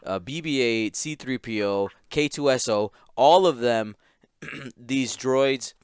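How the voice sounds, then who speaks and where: A man's voice: medium pitch, slow pace, smooth, dry recording, clean studio sound. A man hosting a casual podcast, giggly and rambling, restarting his sentences often. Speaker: podcast host.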